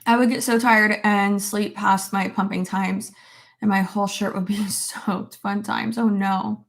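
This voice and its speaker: Young woman vlogger, mid-pitched, loose and chatty, swears freely, peppers her talk with "like". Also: little pitch movement, a little slow, gravelly. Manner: chatty, full of "like" fillers, swears casually. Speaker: vlogger reading viewer comments. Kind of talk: casual chat. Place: at her desk at home.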